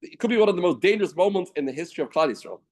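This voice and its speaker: Lively man teaching a Talmud class. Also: high-pitched, rapid-fire. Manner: lively, mixes Hebrew and Yiddish terms into English. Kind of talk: Talmud lecture. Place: study hall.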